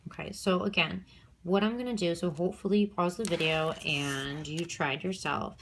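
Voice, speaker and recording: A woman's voice: lowish voice, normal speed, a bit bright, slight background noise. A woman teacher giving a recorded review lesson, explaining step by step with frequent fillers and "okay?" check-ins.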